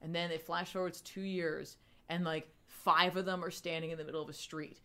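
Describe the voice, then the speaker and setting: A woman's voice: lowish voice, little pitch movement, moderate pace, sharp tone. A woman co-hosting a podcast, chatting casually and rambling through a comic's plot with lots of "like" and "um.". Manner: rambling, full of "like" and "um". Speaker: podcast co-host reviewing comics. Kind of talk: casual chat.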